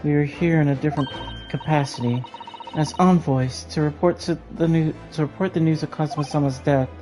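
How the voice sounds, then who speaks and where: A man's voice: fairly high pitch, steady tone, brisk, voice pushed up, close to an everyday voice, rough recording. Guy playing formal polite young japanese girl, game music under it. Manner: formal, courteous.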